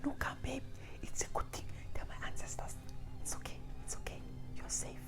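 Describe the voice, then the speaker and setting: A woman voicing an anxious young man who coaxes his girlfriend in a hushed voice. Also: fairly low pitch, a little fast, faint music behind, lightly acted.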